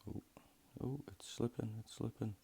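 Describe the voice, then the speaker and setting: A man's voice: medium pitch, fairly even intonation, moderate pace, creaky, noisy background. A man hosting a watch modding video, chatting casually and rambling to himself as he works. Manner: rambling, talks to himself, self-deprecating. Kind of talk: casual narration while working.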